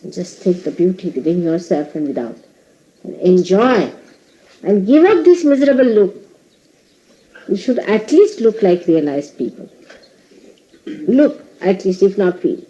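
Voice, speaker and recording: Woman spiritual teacher, playful scold, mellow and dark tone, faint hiss behind. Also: medium pitch, very animated, unhurried, long pauses. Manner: playful scolding, laughing often. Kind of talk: spiritual talk to followers. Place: indoor ashram hall. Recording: dull lo-fi 1980s tape recording.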